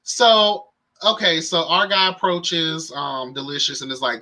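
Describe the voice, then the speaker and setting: A young man hosts a live-streamed reality show recap, chatting to his viewers. His voice sits on the high side and sounds very bright and sharp. He keeps it campy and sassy, packed with slang and exclamations. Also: steady tone, measured pace, rough recording. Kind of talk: casual live-stream commentary.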